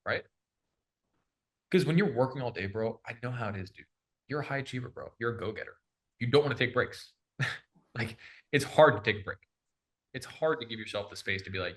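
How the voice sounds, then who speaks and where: A young man coaching on sales in an energetic, slangy casual chat, calling the listener bro. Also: medium pitch, brisk, pauses often.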